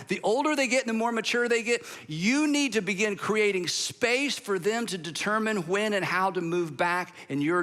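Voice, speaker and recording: Animated, emphatic male pastor preaching. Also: sits high. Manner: animated, emphatic, pauses for effect; leads the congregation in call-and-response practice. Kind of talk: sermon.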